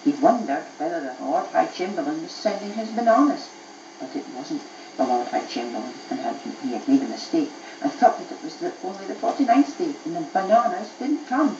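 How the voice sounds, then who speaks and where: A woman's voice: fairly low pitch, lively intonation, fairly quick, warm tone, reverberant, dull audio, a little hiss or hum. A mother reading a bedtime story to her child aloud, telling it expressively, recorded on an old cassette tape.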